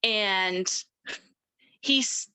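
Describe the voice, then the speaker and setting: Middle-aged woman interview guest, bright forceful tone, emphatic storyteller who voices the people she quotes. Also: mid-range voice, drawn-out words, clean tone, poor audio. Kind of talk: recounting a personal story.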